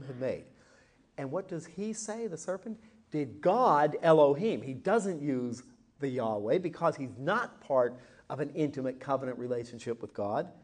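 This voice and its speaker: A man teaching a Bible class lesson, telling the story expressively and slowing down to act out quoted lines. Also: a little high, darkish tone. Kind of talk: Bible class lesson with acted scripture reading.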